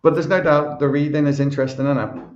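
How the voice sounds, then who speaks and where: A man's voice: a little high, fairly even intonation, fast, a little hiss or hum. Man hosting a chat, rambles with lots of "you know", roomy echo and kinda muffled sound. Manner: rambling, lots of fillers and restarts. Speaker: podcast host. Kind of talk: casual conversation.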